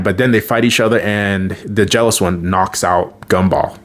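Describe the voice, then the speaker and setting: A man with a fairly low voice casually recapping a cartoon episode. He talks loosely and animatedly, often breaking into laughter. He slips into the characters' voices as he quotes their lines. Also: fairly even intonation, moderate pace.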